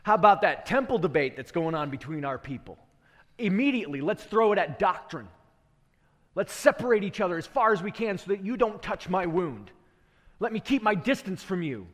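Male preacher playing an excitable, evasive woman; raised voice, long hall reverb. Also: sits high, brisk, hardly any pauses, husky, voice pushed up, exaggerated voice. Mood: defensive. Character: excitable, defensive woman at a well.

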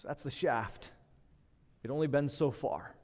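A man in his thirties preaches a sermon in a church, speaking in a middle-pitched voice. He talks in a relaxed, conversational way, moves between soft, hushed moments and firm emphasis, and his voice trails off into a long reverb. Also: a little slow. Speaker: pastor. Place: church hall.

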